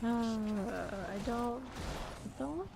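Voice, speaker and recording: A woman streams a game and chats at an unhurried pace, tossing out quick asides and little laughs. Her voice sits a bit high and has a gravelly fry to it. A steady background noise runs under the whole recording. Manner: chatty, reacts to chat with quick asides and laughs. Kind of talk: casual chat while playing.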